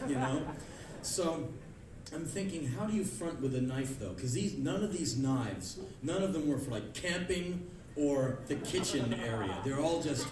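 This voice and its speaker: A man in his thirties giving a sarcastic, ranting spoken word monologue on a club stage, acting out the people he mocks with sudden shouts. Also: mid-range voice, animated, normal speed, noisy background. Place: large concert club stage. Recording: echoey live club recording from a distance, crowd laughter.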